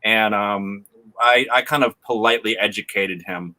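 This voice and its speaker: A man's voice: lowish voice, pushed and bright, poor audio. A man talking as a guest in a casual panel chat, full of restarts and fillers. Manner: halting, many restarts and fillers.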